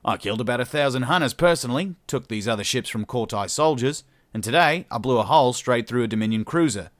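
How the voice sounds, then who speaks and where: A man's voice: medium pitch, animated, quick pace, no room sound, clean studio sound, natural voice. A man voicing a cocky, menacing human male salvager who talks casually, swears and keeps saying "mate".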